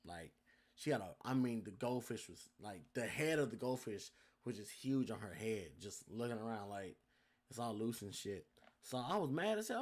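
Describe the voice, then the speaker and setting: A man's voice: medium pitch, moderate pace. A young man hosting a podcast, telling a story casually with lots of swearing and talking straight to his listeners. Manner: animated, profane, addresses listeners as y'all. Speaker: podcast host.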